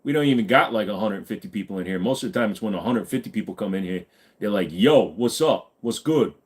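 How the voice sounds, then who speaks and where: A man's voice: on the low side, fast, husky. A man hosting a casual live stream, answering viewer questions and slipping into silly voices.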